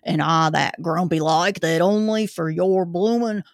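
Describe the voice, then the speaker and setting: A grumpy old zookeeper grumbles along in a thick, rough dialect, voiced by a woman. He takes his time over every word. The sound is dry and close, with no room around it. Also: on the low side, unhurried, dry recording, voice pushed down. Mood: gruff. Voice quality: rough working-class dialect. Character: gruff old male zookeeper, grumpy but chatty.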